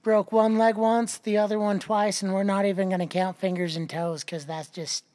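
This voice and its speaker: A man's voice: high voice, little pitch movement, normal speed, darkish tone. A man who rides rodeo, a guest on a podcast, listing his injuries in a matter-of-fact, wry way. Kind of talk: casual podcast chat.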